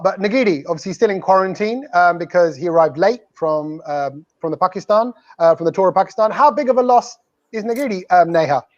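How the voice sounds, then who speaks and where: This is a playful male host of a fan preview show, joking and teasing his guests as he hands them questions. The sound is slightly dull and lo-fi, as from a video call. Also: high voice. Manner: playful, teasing, mimics accents.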